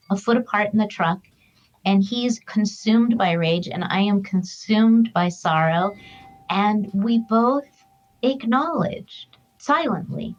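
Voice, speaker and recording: Speaking at a medium pitch over lo-fi sound, a middle-aged grief counselor and author appears as a guest. She tells her stories earnestly and spiritually, from the heart, in a thoughtful conversational interview.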